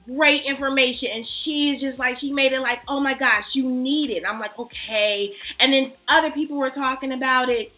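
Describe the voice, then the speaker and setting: A woman fragrance vlogger chatting casually to her viewers, animated and self-mocking. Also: high voice, normal speed, hardly any pauses. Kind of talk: casual chat to camera.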